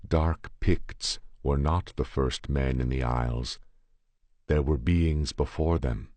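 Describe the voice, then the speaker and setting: A man reading a horror tale aloud in a measured, grave first-person narration. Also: a bass voice, darkish tone, dry recording. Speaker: audiobook reader.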